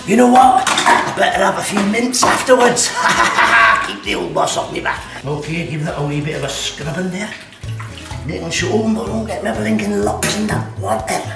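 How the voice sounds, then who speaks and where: A man's voice: sits high, sing-song, normal speed. A man hosting a homemade cooking demonstration, chatty and joking as he sips whisky between steps. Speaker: cooking show host. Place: kitchen at an activity centre. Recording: echoey room, mic at a distance, music behind.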